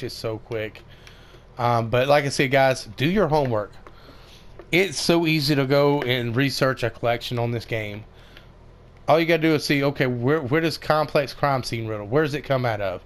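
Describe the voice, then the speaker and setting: A man's voice: mid-range voice, clean tone. A man giving casual, rambling commentary over a game tutorial, with many fillers and restarts. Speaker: gaming video creator.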